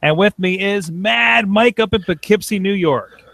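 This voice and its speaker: A man's voice: high-pitched, unhurried, gravelly, fairly bright tone, no echo. A man co-hosting a casual wrestling chat show from a home studio, rambling and interrupting himself. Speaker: podcast co-host. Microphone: webcam.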